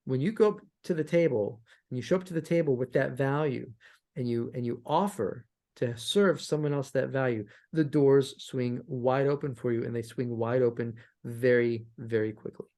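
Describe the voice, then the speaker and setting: A man guest on a podcast interview, telling stories from his music career in an animated way and often repeating words as he restarts. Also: medium pitch, normal speed. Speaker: guest, sync licensing musician. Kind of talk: conversational interview answers.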